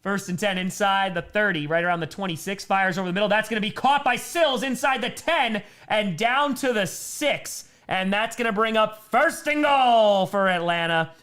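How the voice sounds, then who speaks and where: A man's voice: high-pitched, normal speed, few pauses, a bit bright, smooth. Upbeat man calling football plays live. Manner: calls plays in a running broadcast cadence, then reads viewer messages. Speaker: live stream host doing play-by-play. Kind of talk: casual play-by-play commentary with chat reading.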